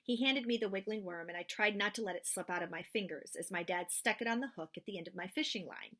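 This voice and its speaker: A woman reading a children's book aloud, with expressive storytelling. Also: mid-range voice, quick pace.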